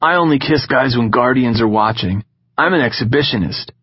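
A man's voice: mid-range voice, a little fast, husky, dry recording, dull audio, voice pushed up, lightly acted. A man voicing a nervous, wry wealthy teenage boy in an audiobook. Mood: joking.

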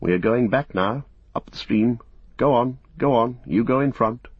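A man voicing an earnest young male hobbit who coaxes and pleads with quiet urgency, for an audiobook. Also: mid-range voice, normal speed, husky, no echo, voice pushed up, lightly acted. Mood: coaxing. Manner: pleading, coaxing. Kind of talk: audiobook character voice. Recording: dull, muffled recording.

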